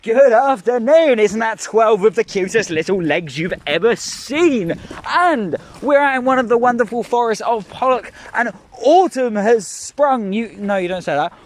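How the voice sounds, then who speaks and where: Excitable Glaswegian man walking dogs. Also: extremely high pitch. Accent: Scottish, Glasgow. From Scotland. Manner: excitable, chatty, laughing, giving dog commands. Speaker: professional dog walker. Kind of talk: casual vlog narration while walking dogs. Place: outdoors in parks and forest.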